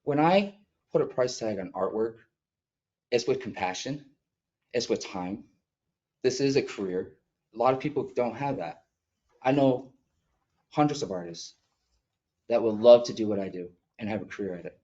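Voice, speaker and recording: A man's voice: fairly low pitch, warm tone, lo-fi sound. Earnest man speaking at a meeting. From upstate New York. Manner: earnest, heartfelt, halting with emotion. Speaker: mural artist addressing a village board. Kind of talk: emotional public comment. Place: public meeting room.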